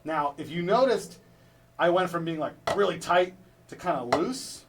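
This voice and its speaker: A man's voice: a little high, lively intonation, moderate pace, over loud music. A male drum instructor giving a hands-on lesson, coaching step by step and checking in with "right?" after each point. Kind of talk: instructional demonstration. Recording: distant mic with clear background noise.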